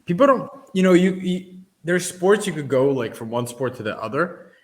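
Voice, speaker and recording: A man hosting a sports card podcast, chatting casually and thinking out loud. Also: fairly high pitch, lively intonation, moderate pace. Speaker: podcast host. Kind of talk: casual chat.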